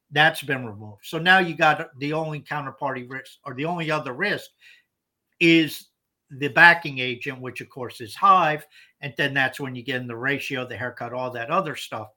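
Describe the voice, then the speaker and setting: A man's voice: medium pitch, normal speed, bright, forceful tone. A man co-hosting a casual podcast, explaining points emphatically and often repeating words as he restarts. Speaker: podcast co-host.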